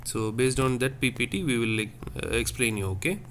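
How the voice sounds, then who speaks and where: Male language teacher, slow and repetitive, mid pitch, faint room noise. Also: expressive. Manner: slow, repetitive, checks with "okay?". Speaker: French teacher. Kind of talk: classroom lesson.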